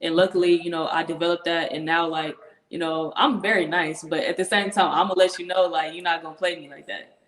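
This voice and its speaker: A woman's voice: lowish voice, fairly even intonation, brisk. A young woman, a professional football player, talking earnestly as an interview guest, laughing often and repeating herself as she talks. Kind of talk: casual interview chat. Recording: echoey room.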